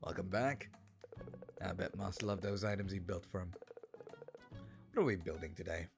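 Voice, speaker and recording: A man voicing a friendly male elephant builder in a lowered voice, attempting a Scottish accent that slides toward Irish. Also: normal speed, creaky, faint music behind. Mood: friendly, bemused. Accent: attempted Scottish that drifts toward Irish.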